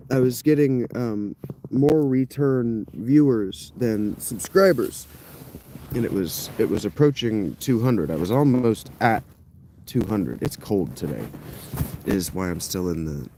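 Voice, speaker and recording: A man with a low, mellow voice rambles through a casual phone livestream from inside a damp tent. He drifts between frustration and apologies as he talks. A faint hiss of ambience sits under his voice. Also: low-quality recording. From Ohio. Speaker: livestreaming creator. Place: inside a wet tent, in a sleeping bag. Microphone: phone camera set down close.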